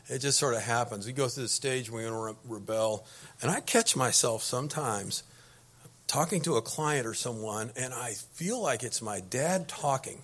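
A man's voice: mid-range voice, fairly bright tone. A middle-aged man preaching a conversational sermon to a congregation, folksy and anecdotal, often restarting his sentences.

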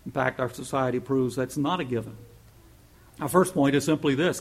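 A man preaching a sermon in an earnest manner, rising to emphatic peaks and dropping to soft asides. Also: mid-range voice, moderate pace. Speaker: pastor.

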